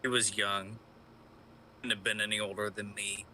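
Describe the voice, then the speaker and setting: A man voicing a brooding, defiant young male vigilante sidekick in a live fan audio drama read, sullen and low, flaring into angry shouts. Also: little pitch movement, normal speed, a little hiss or hum.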